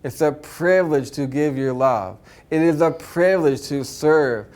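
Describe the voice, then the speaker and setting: A man with a fairly high voice teaches spirituality to a live audience. He sounds earnest and upbeat, checks in with a quick "right?" and slips into easy chuckles. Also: a little mellow.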